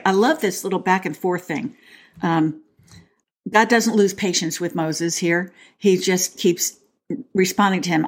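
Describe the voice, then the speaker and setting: A woman's voice: on the low side, normal speed. A woman co-hosting a podcast, talking casually in a chatty, playful way and reading scripture aloud. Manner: chatty and playful, with frequent restarts. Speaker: podcast co-host.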